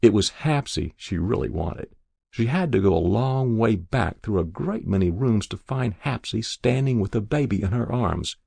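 A man narrating a literary short story in a measured, expressive way. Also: lowish voice, vocal fry, husky, no echo.

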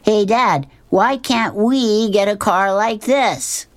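A woman reading an eager boy's lines in a comic strip, hopeful and bright. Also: medium pitch, slow pace, no echo, pitched above the performer's own voice, natural voice. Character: eager boy dreaming of a fancy car.

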